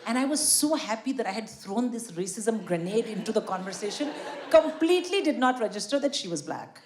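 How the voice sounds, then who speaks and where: A middle-aged woman tells a stand-up story on stage, her voice sitting a little high. She is wry and punchy, acting out the dialogue. The live recording carries clear background noise. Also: expressive, fairly quick, echoey room. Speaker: stand-up comedian. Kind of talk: stand-up comedy set. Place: comedy stage before a live audience.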